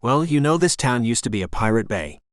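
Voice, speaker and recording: A man voicing an energetic woman in her sixties who runs a bed and breakfast, speaking rapid-fire with a faint Jamaican accent. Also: mid-range voice, dry recording, studio quality, natural voice. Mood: chatty.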